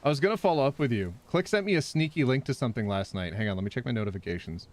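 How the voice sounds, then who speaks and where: A man with a mid-range voice talks at a racing pace while live-streaming a game. He's animated, chatting with his viewers and yelping and laughing as he plays.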